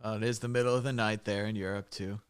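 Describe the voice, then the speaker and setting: A man's voice: lowish voice, fairly even intonation, quick pace, clean tone. An American man hosting a casual chat, joking and telling rambling stories. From United States. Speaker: host.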